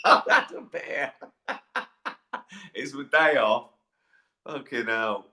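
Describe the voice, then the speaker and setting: A man's voice: mid-range voice, extremely slow, pushed and bright. A middle-aged man chatting on a live stream from his bath, rambling, swearing and chuckling, tired and sleepy. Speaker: comedian hosting a live stream. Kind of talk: casual live-stream chat. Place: in a bath, bathroom. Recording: echoey bathroom.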